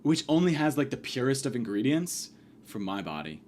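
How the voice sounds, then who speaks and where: A prim celebrity woman praises her skincare in a sweet, earnest advert voice, as a man mocks her. The tone is self-serious and soft. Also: mid-range voice, very animated, moderate pace, voice pushed down, natural voice.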